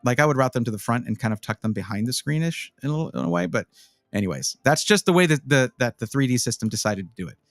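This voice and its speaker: A man's voice: medium pitch, quick pace, dry recording, clean studio sound, faint music behind. A man chatting casually on a live stream, reviewing gaming PC parts and rambling as he answers his chat. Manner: animated, rambling, talks to chat.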